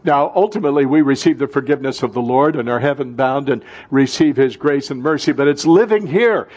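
A male pastor preaching a sermon, swinging between loud fervent bursts and soft, hushed passages, calling out to his congregation. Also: mid-range voice, a little fast. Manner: calls out to the congregation.

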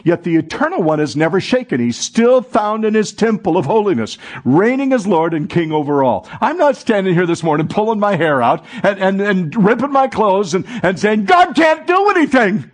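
A man's voice: high voice, big pitch swings, normal speed, hardly any pauses. A man preaching a sermon as pastor, calling on the congregation to answer and repeat after him. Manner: preaching, calls for congregation responses. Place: church sanctuary.

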